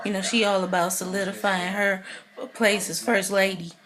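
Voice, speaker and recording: A woman giving a casual, excitable recap of a TV episode, chatty and full of "you know" fillers. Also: medium pitch, moderate pace. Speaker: TV recap vlogger.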